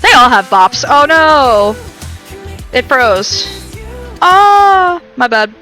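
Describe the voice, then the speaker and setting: A high, bright-voiced woman chatting casually to her live-stream viewers from a home computer setup. She is bubbly and giggly and pokes fun at herself, with faint game music playing underneath. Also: expressive, slow pace, low-quality recording. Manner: bubbly, giggly, self-deprecating.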